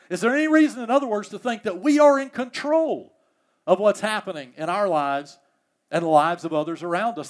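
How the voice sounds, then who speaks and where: A male pastor delivering a sermon, pressing his points with repeated rhetorical questions. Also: high voice. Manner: emphatic, repeats key phrases as rhetorical questions.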